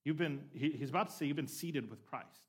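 A male pastor preaching a conversational sermon, often checking in with the room and swinging between emphatic lines and quieter asides. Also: a little high, fairly quick, husky.

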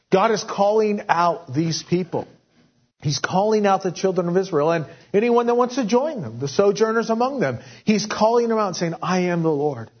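A man preaching a Bible-teaching sermon, with many fillers and restarts, whose voice rises and grows forceful when he voices God's words. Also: high voice, lively intonation, normal speed, breathy edge. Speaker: pastor. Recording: dull lo-fi audio.

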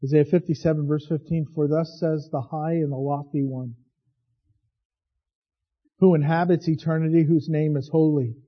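Impassioned high-voiced male preacher. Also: steady tone, normal speed, long pauses, highs cut off. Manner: impassioned preaching, swinging from hushed to loud. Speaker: pastor. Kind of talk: sermon.

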